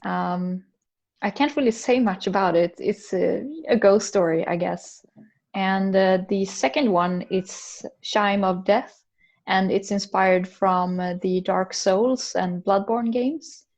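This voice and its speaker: A woman's voice: slow pace, darkish tone. A Swedish woman with a Swedish accent, a film director, speaking hesitantly and searching for words as an interview guest. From Sweden. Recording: muffled low-fidelity audio.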